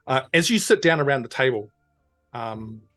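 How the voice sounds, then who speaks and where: A woman narrating as game master, acting out characters with lively voices and frequent fillers. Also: rumbling low, normal speed.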